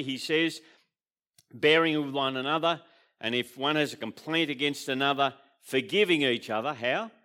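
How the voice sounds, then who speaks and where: An Australian man gives a sermon at an ordinary middle pitch. He speaks conversationally and checks in with the congregation as he explains each point, with the odd filler and restart. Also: fairly bright tone. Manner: conversational, asks the congregation questions. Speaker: pastor.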